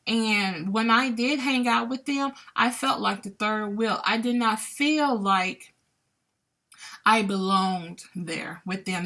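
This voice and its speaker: A woman with a fairly high, slightly bright voice hosts a podcast from her home in Columbia. She tells a personal story candidly and conversationally, and it grows emotional at moments.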